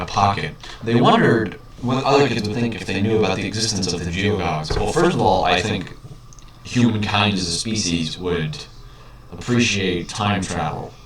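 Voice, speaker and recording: A low-voiced man reads a children's book aloud and keeps interrupting with dry, mocking asides. He sits back from the mic in a very echoey room, and a faint hiss runs underneath. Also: far from the mic. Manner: mocking, deadpan commentary. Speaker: reader.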